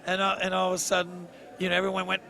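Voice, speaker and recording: A man telling a lively family anecdote at a reunion, laughing at his own story. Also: high-pitched, rapid-fire, creaky, crowd noise. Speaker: family member telling stories. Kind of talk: casual storytelling.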